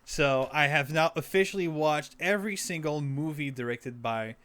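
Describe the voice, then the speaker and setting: A man's voice: on the high side, normal speed, a bit bright. A young man from Quebec co-hosting a casual movie podcast, rambling with many fillers and restarts. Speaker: podcast co-host. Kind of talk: casual chat.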